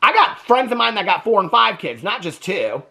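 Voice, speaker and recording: A man giving a sassy, animated casual recap of a reality TV episode, often tagging lines with "okay?". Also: high-pitched, normal speed, creaky. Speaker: TV reaction vlogger.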